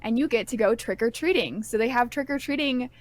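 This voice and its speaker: A woman's voice: fairly high pitch, fairly quick. A woman guest on a casual podcast, telling stories with enthusiasm. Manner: enthusiastic, detailed storytelling. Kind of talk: casual chat.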